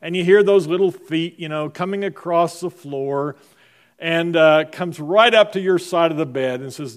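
A man's voice: fairly high pitch, moderate pace. A middle-aged man preaching a sermon as pastor, in a conversational style full of rhetorical questions to the congregation.

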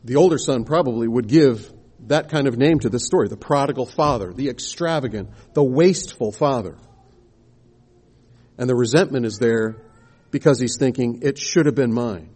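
A man's voice: mid-range voice, moderate pace, a little mellow, breathy edge. A man preaching a sermon, explaining scripture and posing rhetorical questions to the congregation.

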